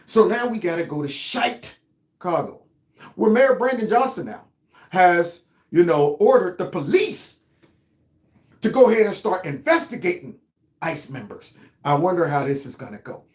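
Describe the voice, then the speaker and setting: Sarcastic commentary host in an echoey room. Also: male voice, sits high, very animated, normal speed. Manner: sarcastic, mocking and heated. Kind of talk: political commentary. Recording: roomy echo.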